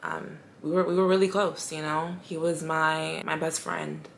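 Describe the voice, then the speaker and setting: A young woman telling her personal story in a vlog, emotional and halting, pausing often to steady herself. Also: low-pitched, creaky, a little hiss or hum. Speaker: vlogger.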